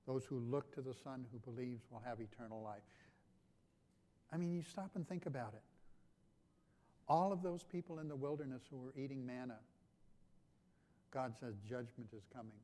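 A man preaching a sermon as pastor, dropping to quiet lines and then rising to loud, emphatic ones, often repeating his phrases. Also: mid-range voice, steady tone, normal speed, pauses often.

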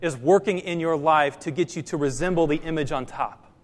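A man's voice: fairly high pitch, fairly quick, in a large hall. A man preaching a sermon as pastor, asking the congregation questions and repeating phrases for emphasis.

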